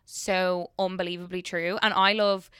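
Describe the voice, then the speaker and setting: A woman's voice: fairly low pitch, level tone, moderate pace, fairly bright tone, clean tone, no room sound, studio quality. A young Irish woman in her twenties, a podcast guest chatting eagerly and laughing often, with lots of "like". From Ireland. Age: 20s. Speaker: guest, brand director. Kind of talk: casual podcast chat.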